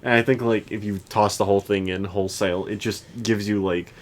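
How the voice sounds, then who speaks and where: Casual anime talk comes from a man co-hosting a podcast, full of meandering tangents, restarts and fillers. He has a lowish, steady voice and keeps a brisk pace.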